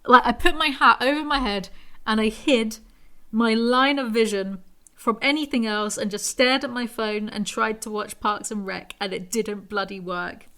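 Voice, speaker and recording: Bright-voiced woman telling a story. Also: a little high, moderate pace. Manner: rambling, animated, self-mocking. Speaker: podcast host. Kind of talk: casual storytelling monologue.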